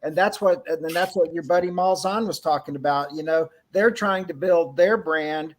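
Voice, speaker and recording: A man's voice: fairly high pitch, normal speed, slight background noise. A man from Texas who is a guest on a sports radio roundtable, explaining his points at length in a conversational way. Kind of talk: casual radio roundtable chat.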